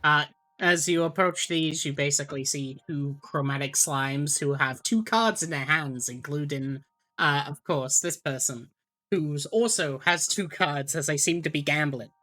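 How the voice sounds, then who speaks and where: A woman narrating a tabletop game as game master, relaxed with many fillers. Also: sits low, measured pace.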